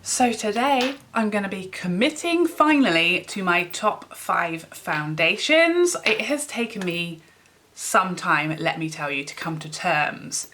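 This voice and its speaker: Beauty vlogger, woman, 30s, chatty and rambling, bright tone. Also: fairly low pitch, animated, a little slow, slight background noise. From England. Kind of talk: casual chat to camera.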